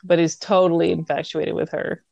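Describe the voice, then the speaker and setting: A woman co-hosting a casual book discussion, lively and quick to act out the characters' lines. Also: lowish voice, gravelly, dry recording, highs cut off. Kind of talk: casual chat.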